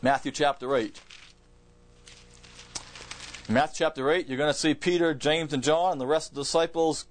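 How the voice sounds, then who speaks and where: A man's voice: on the high side, fairly even intonation, moderate pace, long pauses. Emphatic male Bible preacher. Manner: emphatic, with repeated words and restarts. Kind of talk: expository Bible sermon.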